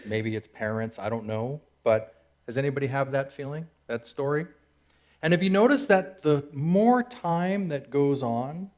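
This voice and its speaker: A man in his forties giving a casual, conversational sermon in a church, telling a story and acting out its characters with sudden excited outbursts. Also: mid-range voice. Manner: conversational storyteller who acts out characters with big swings into excited shouts. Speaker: speaker at a church service. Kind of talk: sermon retelling a parable. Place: church hall.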